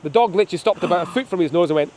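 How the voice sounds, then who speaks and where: Brisk high-voiced falconer telling jokey stories. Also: male voice, slight background noise. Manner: chatty, joking, animated anecdotes. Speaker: falconer showing birds of prey. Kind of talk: hands-on demonstration with storytelling. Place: outdoors on a windy hilltop.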